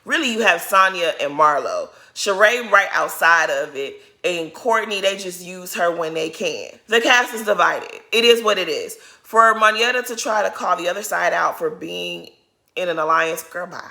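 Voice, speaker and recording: Sassy, exasperated young woman with a bright voice. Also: fairly low pitch, animated, normal speed, gravelly. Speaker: reality TV recap commentator. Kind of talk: casual commentary.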